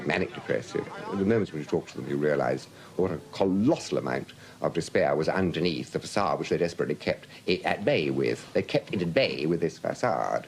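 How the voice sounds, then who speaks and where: A man's voice: very deep voice, slight background noise. A man in a documentary interview, speaking thoughtfully and searching for his words. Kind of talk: reflective interview.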